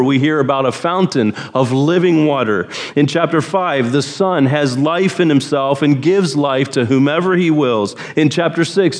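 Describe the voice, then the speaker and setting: A pastor giving a sermon with deliberate, emphatic phrasing. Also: male voice, on the high side. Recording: long hall reverb.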